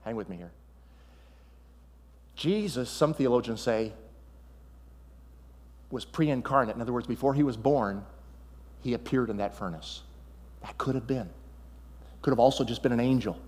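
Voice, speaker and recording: Animated male pastor preaching in a reverberant hall. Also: mid-range voice, moderate pace, pauses often. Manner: animated storytelling, swings between loud and hushed. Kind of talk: sermon.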